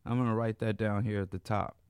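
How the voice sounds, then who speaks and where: A man from Chicago hosting a live internet radio show, hoarse as he loses his voice, talking in a laid-back, rambling way with casual slang. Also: on the low side, level tone, fairly quick, a little mellow, no room sound. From Chicago, Illinois. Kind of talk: live radio talk monologue. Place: radio studio.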